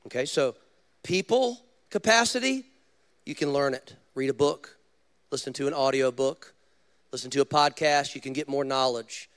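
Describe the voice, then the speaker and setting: A man, a pastor, preaching a sermon with animated storytelling and direct questions to the congregation. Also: mid-range voice, moderate pace, clear, resonant tone.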